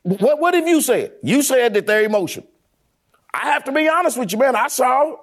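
A man with a very animated, up-and-down voice co-hosts a studio talk show. He keeps challenging his partner and presses him to admit what he said. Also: very high-pitched, brisk. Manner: challenging, pressing the other host. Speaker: co-host.

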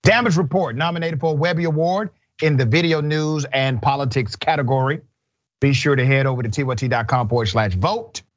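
A male news show host reads stories and adds his own pointed commentary. His voice sits at a middle pitch, and the audio is a little dull. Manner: emphatic, with rhetorical questions.

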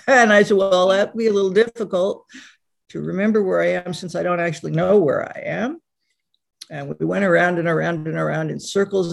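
A woman telling a personal story as an interview guest, vivid and dramatic with sudden pauses. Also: low voice, gravelly, darkish tone, husky.

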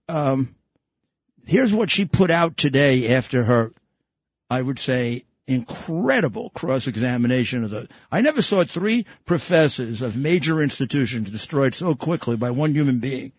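A man's voice: on the high side, sing-song, measured pace, dry recording. An older man with a New York accent hosting a podcast, rambling and joking with lots of fillers and restarts. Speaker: podcast host. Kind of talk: casual political talk show chat.

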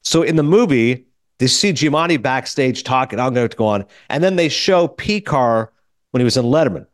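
A man's voice: medium pitch, moderate pace, no echo. A man hosting a film podcast, talking through a movie review and acting out quotes from it, recorded on a studio microphone. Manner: animated storyteller acting out quoted lines. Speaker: podcast host and film critic. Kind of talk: casual film review monologue.

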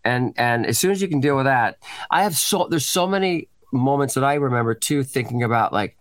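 Actor guy in his late 50s, lively swoopy voice, tells stories and does the voices, dry close sound. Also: medium pitch, brisk, no echo. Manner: animated storyteller, acts out quoted voices, swears freely. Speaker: actor guest. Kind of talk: casual podcast conversation.

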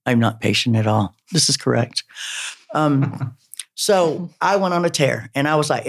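A man telling his life story in a casual, rambling way, halting often with fillers and turning self-mocking. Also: mid-range voice. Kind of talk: personal storytelling.

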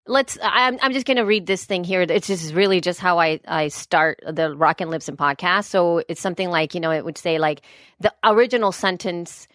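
A woman's voice: on the low side, normal speed, fairly bright tone, no room sound, clean studio sound. A woman co-hosting a podcast, chatting casually, rambling and correcting herself as she goes. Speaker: podcast co-host. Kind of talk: casual chat.

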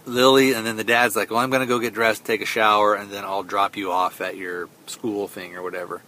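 A man with a lowish voice and a bright, forceful tone, retelling a movie's story in a loose, rambling way. He keeps stopping on fillers and acts out what the characters say. A faint rumble sits under the recording. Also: level tone, brisk. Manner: rambling, retells scenes with quoted lines, many fillers. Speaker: podcast host. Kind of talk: casual film review recap.

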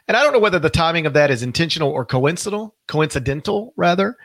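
A man's voice: on the high side, expressive, quick pace, fairly bright tone, no room sound. A middle-aged man hosting a podcast, talking casually, rambling and correcting himself, stressing key words. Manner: rambling, self-correcting, emphatic. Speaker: podcast host.

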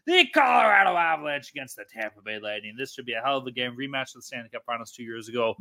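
A man hosting a casual betting podcast, reading out odds briskly and teasing his co-hosts with casual swearing. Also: medium pitch, lively intonation, creaky, bright, forceful tone. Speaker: podcast host.

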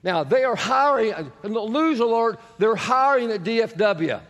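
A man preaching a sermon as pastor, animated and asking the congregation questions, sometimes rising to shouts. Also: high voice, unhurried, highs cut off. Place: church sanctuary. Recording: long church reverb.

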